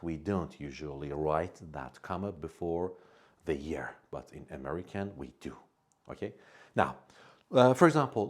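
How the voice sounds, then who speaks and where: A man teaching English to beginners, patiently saying each word slowly and repeating it for learners to copy. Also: low voice, darkish tone. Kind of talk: slow, step-by-step language lesson.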